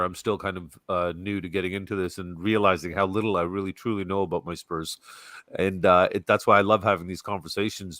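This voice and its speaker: A man's voice: deep voice, a bit bright, dry recording, studio quality. A middle-aged man from Canada, chatting earnestly and rambling a bit as co-host of a fan show over a video call. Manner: earnest, rambling, quick to laugh. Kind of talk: casual fan-show chat. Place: home near Toronto. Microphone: video call mic.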